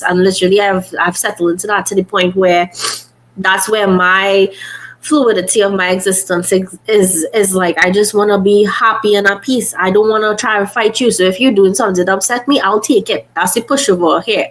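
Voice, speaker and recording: A woman's voice: mid-range voice, steady tone, normal speed, a bit bright, rough recording. A young woman hosting a podcast, talking casually and earnestly, thinking aloud with frequent restarts. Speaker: podcast host. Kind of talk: casual reflective podcast talk.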